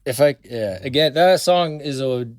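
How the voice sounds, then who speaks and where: A man's voice: medium pitch, moderate pace, dry recording, studio quality. Rambling man, hesitant. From Canada. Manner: rambling, hesitant, many fillers. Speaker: podcast co-host. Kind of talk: casual chat.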